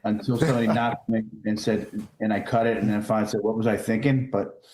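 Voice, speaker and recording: A man on a morning news show, telling a relaxed, self-deprecating story in casual studio banter. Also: on the low side, quick pace, slight background noise, low-quality recording.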